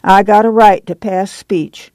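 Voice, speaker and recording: A reader doing a fierce, hoarse proud woman. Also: medium pitch, steady tone, measured pace, darkish tone, no echo, pitched above the performer's own voice, natural voice. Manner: fierce, folksy rural dialect.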